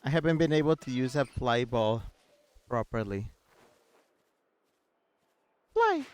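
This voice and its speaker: A man's voice: medium pitch, fairly quick, a little mellow, clear, resonant tone. A man casually commenting on his gameplay with playful, goofy asides. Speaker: streamer.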